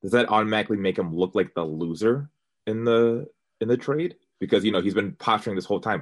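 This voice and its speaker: A man's voice: low voice, moderate pace. A man co-hosting a podcast in casual sports chat, making wry, dry jokes with hesitant restarts. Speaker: podcast co-host.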